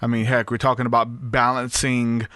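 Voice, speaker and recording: A man's voice: mid-range voice, normal speed, dry recording. Casual male podcast host, dry sound. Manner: relaxed, filler-heavy, reacts with laughter. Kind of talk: casual chat.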